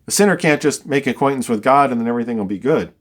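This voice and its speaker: Speaking fast in a mid-range voice, a man teaches a verse-by-verse Bible study. He reads scripture and explains it conversationally, adding dry, wry asides.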